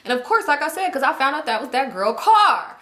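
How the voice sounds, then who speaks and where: A woman's voice: high voice, very animated, a little fast, a bit bright, echoey room. A woman vlogger telling a rambling, profane story in a casual way, full of fillers.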